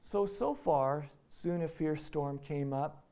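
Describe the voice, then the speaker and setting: A man's voice: on the high side, slow pace, mellow. A man from Iowa preaching a sermon in a conversational way, acting out the quoted lines. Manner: conversational, acts out quotes in voices. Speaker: pastor.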